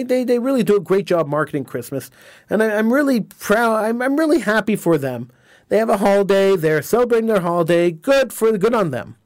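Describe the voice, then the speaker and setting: A man with a high-pitched voice hosts a talk radio show, talking emphatically and with indignation, often stumbling over and repeating his words. The sound is dry and close, with almost no room around him. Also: a little mellow, dry recording.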